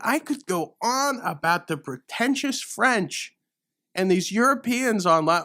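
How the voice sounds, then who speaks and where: Rambling slow-talking comedy host. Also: male voice, sits high, animated, bright, forceful tone, dry recording, clean studio sound. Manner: rambling, mock-outraged, playful. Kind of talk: solo improvised comic rant.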